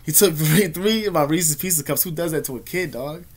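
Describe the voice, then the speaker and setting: American man, casual vlog storyteller; profane, rambling, often laughing, a bit higher-pitched. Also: moderate pace. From United States. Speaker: vlogger.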